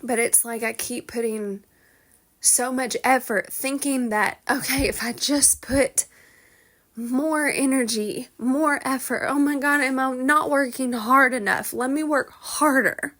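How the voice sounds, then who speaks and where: Slow-talking candid woman podcast host. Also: sits high, steady tone, fairly bright tone. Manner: candid and frank, swears freely, laughs between thoughts. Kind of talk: casual confessional monologue.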